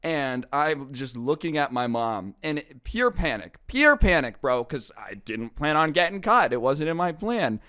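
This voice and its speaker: A young man telling a personal story in a casual, excitable vlog style, with lots of "bro" and "like". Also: on the high side, measured pace, few pauses. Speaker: storytime vlogger. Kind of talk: animated storytelling.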